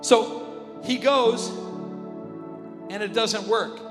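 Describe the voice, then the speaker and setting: A male pastor preaching an animated sermon, dropping to a hush and then rising loud again. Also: sits high, extremely slow. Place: church auditorium with reverb. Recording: live church audio with long reverb and music underneath. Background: worship music.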